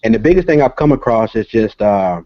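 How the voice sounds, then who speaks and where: A man, a comic creator and guest, explaining casually over a video call, halting with many filler sounds. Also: fairly low pitch, animated, no room sound. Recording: dull lo-fi call audio.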